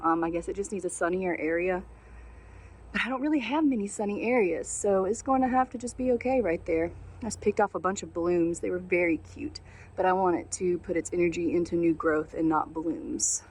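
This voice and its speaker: A woman hosting a casual houseplant tour outdoors, chatty and gushing, quick to poke fun at her own plant care. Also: lowish voice, darkish tone, slightly rough. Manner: chatty, gushing and self-deprecating. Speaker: plant channel host. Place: outdoors on a sunny day.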